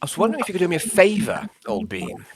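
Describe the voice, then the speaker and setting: A man's voice: high voice, huge pitch swings, racing, slight background noise, voice pushed up. A man voicing a posh upper-class schemer who coaxes a favour in a chummy, plummy way. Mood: coaxing.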